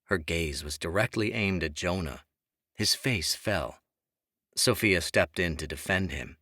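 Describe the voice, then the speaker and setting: A man narrating a fantasy audiobook in the first person, in an even, measured reading. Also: low-pitched, no room sound, clean studio sound.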